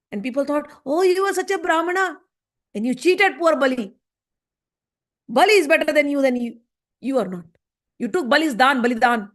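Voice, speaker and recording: A woman acting out a furious jilted young woman. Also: high voice. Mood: accusing. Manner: scolding, accusing, shouting. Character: furious heartbroken young woman, jealous and scornful.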